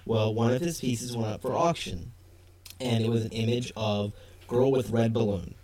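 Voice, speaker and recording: A man co-hosting a podcast in casual chat, enthusiastic and quick to laugh. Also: medium pitch, dark tone. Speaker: podcast co-host.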